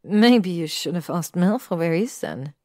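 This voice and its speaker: A woman's voice: lowish voice, animated, normal speed, dry recording, clean studio sound, lightly acted. A woman reading as a doubtful young woman. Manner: skeptical, gently teasing. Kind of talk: audiobook reading of fan fiction.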